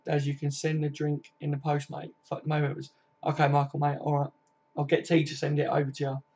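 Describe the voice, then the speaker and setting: A man's voice: a little high, completely flat delivery, brisk, gravelly, darkish tone, slightly rough. A man, chatting casually on a live stream. He reads out viewers' comments and answers them by name, swearing freely in a laid-back, matey way. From Kent, England. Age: 20s. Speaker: football fan live streamer. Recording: dull lo-fi stream audio.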